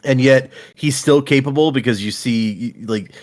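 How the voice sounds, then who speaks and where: A man's voice: mid-range voice, normal speed, darkish tone. A man hosting a casual book podcast, friendly and laughing a lot. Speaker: podcast host. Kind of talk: casual book-club chat.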